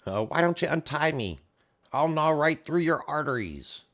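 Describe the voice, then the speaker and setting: A man putting on a tiny fairy creature with a high, squeaky voice that jumps far above his own. It mocks and taunts its captors in a shrill, needling way, like a cartoon sidekick in a storybook fight. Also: animated, normal speed, a bit bright. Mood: taunting.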